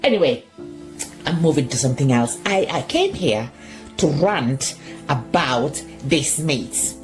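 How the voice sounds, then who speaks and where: A woman rants into her phone about what things cost now, exasperated, forever exclaiming, her voice always near tears. Her pitch swoops up and down wildly and never settles. Faint music plays underneath. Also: very animated, a little slow. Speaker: shopper. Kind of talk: ranting social media vlog.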